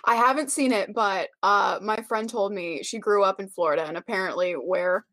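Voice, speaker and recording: A woman's voice: mid-range voice, normal speed, fairly bright tone, no echo. A woman guest in a casual podcast chat, speaking tentatively with hedges. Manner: tentative, hedging.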